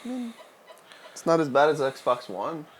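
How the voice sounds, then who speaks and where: A man co-hosting a casual gaming stream, chatting in a relaxed way and laughing often. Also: fairly high pitch, a little slow, a little hiss or hum. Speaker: co-host.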